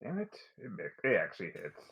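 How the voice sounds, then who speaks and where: A man narrating a tabletop game as game master in a relaxed, drawn-out manner. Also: low voice, rough recording.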